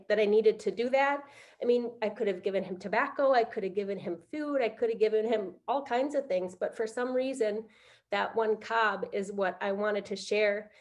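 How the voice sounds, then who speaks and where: A middle-aged woman on a video call, telling a heartfelt personal story on a panel, halting with many fillers. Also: mid-range voice, a little mellow. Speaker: conference panelist.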